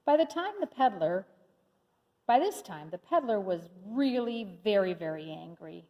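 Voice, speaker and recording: A woman reading a children's picture book aloud with slow, expressive storytelling. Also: mid-range voice, highs cut off. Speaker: storybook reader. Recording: long hall reverb.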